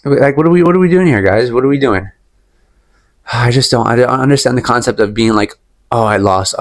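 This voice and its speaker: Young male vlogger, casual rant, emphatic and repetitive, mid-pitched voice, talks his opinions through at length. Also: fairly quick. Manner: rambling, emphatic, repeats himself, sips tea while talking. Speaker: MMA commentary vlogger.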